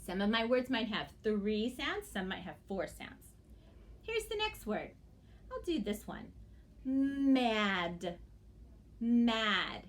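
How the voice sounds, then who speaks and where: A woman teaching young children phonics speaks slowly, drawing each word out sound by sound. Her pitch swings widely in a sing-song teacher voice. She pauses often to check the children are following. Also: big pitch swings.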